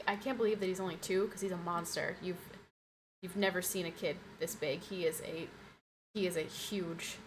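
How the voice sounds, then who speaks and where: A woman's voice: on the low side, fairly bright tone, slight background noise. Chatty woman streamer with a stuffy nose. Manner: chatty and rambling, repeats phrases. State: stuffy nose, sniffly from a cold. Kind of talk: casual live-stream chat. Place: at home.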